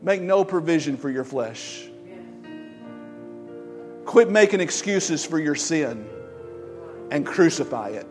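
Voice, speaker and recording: A male pastor preaching a sermon in an emphatic, exhorting way, with soft music behind. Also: fairly high pitch, lively intonation, slow, long pauses.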